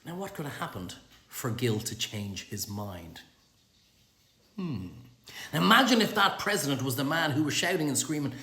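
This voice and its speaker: A middle-aged Irish man rants animatedly through a sarcastic, sweary monologue, his pitch jumping all over the place. His voice echoes around the room. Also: very animated, moderate pace, pushed and bright. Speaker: vlogger. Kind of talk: ranting monologue. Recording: roomy echo.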